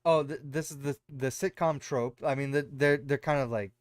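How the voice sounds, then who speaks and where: A man's voice: medium pitch, fairly even intonation, moderate pace, no echo. A man co-hosting a podcast, casually recapping a show in a rambling way with lots of fillers. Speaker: podcast co-host.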